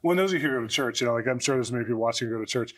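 Quick-talking man telling stories. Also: mid-range voice. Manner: fast, animated, acts out his own quoted inner voice. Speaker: guest, prophet. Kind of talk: storytelling in a talk-show interview.

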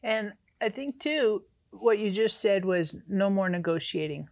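A woman's voice: medium pitch, lively intonation, a little slow, a little mellow, no echo. Eager woman co-host, dry sound. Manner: eager, chatty questioner with short affirmations. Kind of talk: interview chat.

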